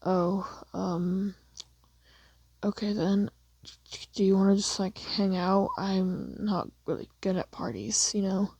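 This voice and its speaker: Shy mumbly teen boy voiced by a woman, quiet and flat, dull dry audio. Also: mid-range voice, slow pace, slightly rough, no echo. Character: shy, cool teenage boy, low-key and awkward at parties.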